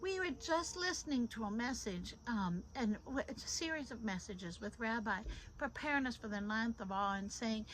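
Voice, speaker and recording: A middle-aged woman giving an informal devotional talk into a phone. She is animated and repeats phrases for emphasis. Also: on the high side, moderate pace, slight background noise, poor audio. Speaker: devotional host.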